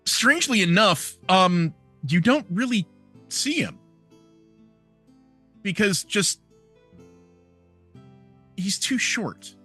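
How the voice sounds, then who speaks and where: A man describing his character in a tabletop game, slow and vividly descriptive. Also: high-pitched, lively intonation, sharp tone, slightly rough, faint music behind. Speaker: player.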